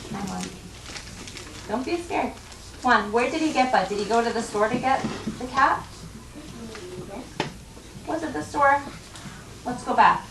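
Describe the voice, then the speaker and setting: A woman's voice: a little high, a little slow, long pauses. A woman teaching a first grade class, patient and coaxing, modeling reading word by word. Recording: roomy classroom audio from a distance, with background noise.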